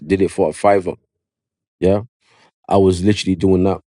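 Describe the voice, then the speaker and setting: Low-voiced barber telling his story. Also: normal speed, no room sound, clean studio sound. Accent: London. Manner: animated storyteller, slangy, repeats "yeah" and "you know what I mean". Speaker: barber, podcast guest. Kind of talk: casual storytelling interview. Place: podcast studio.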